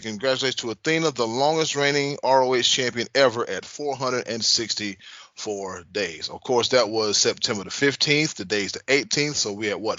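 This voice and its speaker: A man's voice: medium pitch, pushed and bright, dry recording, dull audio. A man hosting a wrestling podcast, joking around and then reading news aloud in a laid-back way. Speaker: podcast host. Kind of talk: casual chat and news reading.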